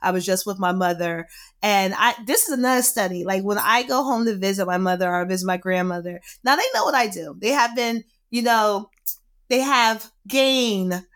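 A woman entrepreneur chatting as a podcast guest, animated and quick to laugh while telling stories. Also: medium pitch. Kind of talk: casual conversation.

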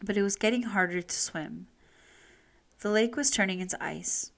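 A woman reading a children's story aloud, expressive and unhurried. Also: medium pitch, gravelly.

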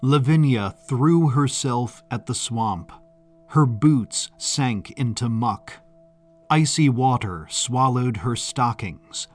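Slow, measured male storyteller. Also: mid-range voice, soft background music. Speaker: narrator. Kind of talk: scripted narration.

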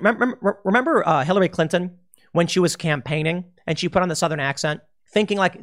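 A man with a slightly higher-than-usual voice gives opinionated commentary. He reads news aloud and breaks off to mock it, speaking emphatically and sarcastically, straight at the listener. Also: a bit bright. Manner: sarcastic, emphatic, talks to the viewer directly. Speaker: political commentary host. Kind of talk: opinionated commentary while reading articles aloud.

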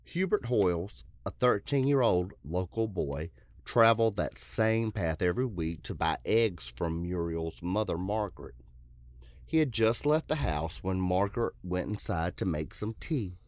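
Male podcast host, deep voice, casual true-crime narrator who jokes between passages. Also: lively intonation, a little slow, darkish tone, no echo, studio quality. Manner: joking asides, puts on silly voices for quotes. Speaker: podcast host telling a case.

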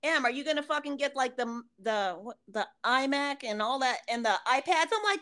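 A woman co-hosts a casual podcast, talking bluntly and swearing freely as she jumps in with quick comebacks. Her voice is high and bright. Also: animated. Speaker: podcast co-host. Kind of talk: casual profane chat.

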